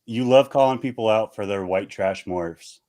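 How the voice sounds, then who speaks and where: A man's voice: fairly low pitch, normal speed, warm tone. A man hosting a podcast in casual chat, blunt and teasing, swearing often. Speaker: podcast host.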